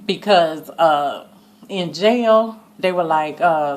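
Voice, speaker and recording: A woman's voice: low-pitched, slow. Chatty woman recapping a TV episode. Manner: chatty and animated, shrieking with laughter at the twists; gives each line of dialogue in passing. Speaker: TV recap vlogger.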